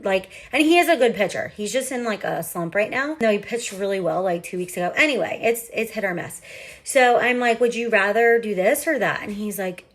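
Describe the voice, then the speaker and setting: A woman's voice: medium pitch, brisk. Woman, 30s, parent vlogger. Chatty, candid, casual storytelling with heavy fillers. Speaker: parent of a young athlete.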